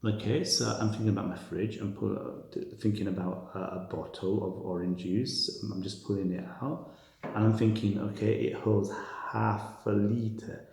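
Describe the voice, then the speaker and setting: A man talks through a maths lesson, reasoning aloud and stressing key words as he goes. His voice sits low and gravelly, with a mellow tone. The sound rings around a very echoey room. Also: steady tone, normal speed. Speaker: tutor.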